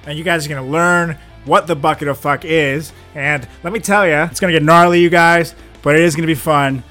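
A man's voice: on the high side, steady tone, a little fast, bright, forceful tone, soft background music. A man co-hosting a comedy podcast, joking sarcastically and mock-seriously. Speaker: podcast co-host. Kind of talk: casual comedic banter.

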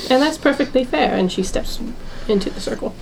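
A woman's voice: high voice, lively intonation, brisk, vocal fry, darkish tone, a little hiss or hum, rough recording. A woman playing a tabletop game, answering questions in character in a matter-of-fact way. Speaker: player.

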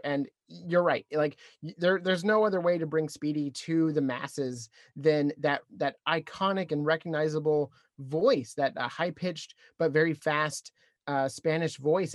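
An interviewer asking questions and warmly complimenting the guest. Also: mid-range voice, no echo, clean studio sound. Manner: upbeat, complimentary. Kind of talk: casual interview.

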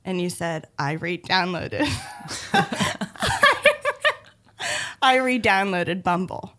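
A young woman hosts a podcast in a casual, friendly way, her voice sitting at an ordinary middle pitch. She teases her guest lightly as they talk. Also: wildly swooping pitch, extremely slow, bright, forceful tone. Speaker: podcast host.

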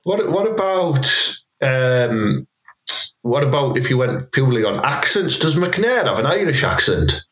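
Man, animated pitch, echoey room, cheeky podcast banter. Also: a little slow. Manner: cheeky banter with silly put-on voices. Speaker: podcast co-host. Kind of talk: casual chat. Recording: roomy echo.

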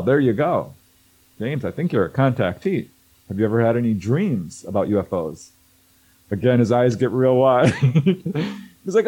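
Guy telling a story in an interview, mellow husky voice, acts out the quotes. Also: mid-range voice, poor audio. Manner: animated, acts out quoted voices, laughs often. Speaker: guest, researcher of contact stories. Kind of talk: casual storytelling in conversation.

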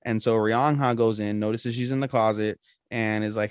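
Man co-host, low voice, dry close sound, rambly casual review chat. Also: steady tone, moderate pace, clean tone, no room sound. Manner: rambling, loose and profane, heavy on "like". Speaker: podcast co-host.

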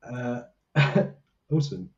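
A man's voice: mid-range voice, steady tone, takes it slowly, highs cut off. A man co-hosting a podcast in casual, jokey, self-mocking chat from a small hot room. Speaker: podcast co-host.

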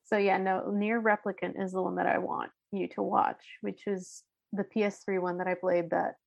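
A young woman co-hosting a casual podcast about video games, relaxed and agreeable. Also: medium pitch, moderate pace, creaky, lo-fi sound. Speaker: podcast co-host.

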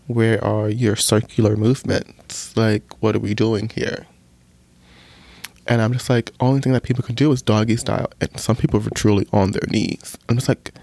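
Gravelly low-voiced man telling a casual story. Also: a little mellow, no echo. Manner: chatty, candid, full of "like" fillers; acts out his own reactions in quotes.

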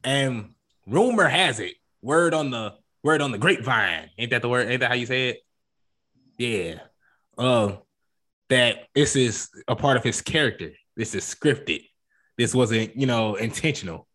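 Man, husky, bright tone, casual podcast co-host, rambling, animated. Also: medium pitch, a little slow. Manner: animated, rambling, acts out quotes with jokey voices. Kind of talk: casual wrestling podcast chat.

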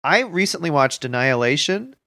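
A man co-hosting a comedy podcast, telling stories in an animated way. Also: a little high, fairly quick, dry recording, clean studio sound. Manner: animated storyteller. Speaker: podcast co-host. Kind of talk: casual comedic chat.

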